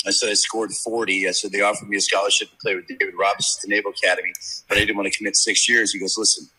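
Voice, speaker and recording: A man's voice: lowish voice, pushed and bright, breathy edge, poor audio. Brash, profane man telling sports stories. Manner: brash, profane, rambling storyteller. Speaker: sports handicapper guest. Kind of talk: casual podcast chat, storytelling. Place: media row at a sports event.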